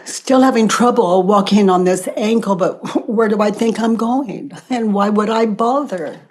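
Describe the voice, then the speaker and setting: An older woman hosting a podcast, speaking softly and reflectively, often sinking into whispers between long pauses. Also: mid-range voice. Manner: soft-spoken, drifting into whispers, long pauses. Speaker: podcast host. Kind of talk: slow reflective spiritual talk.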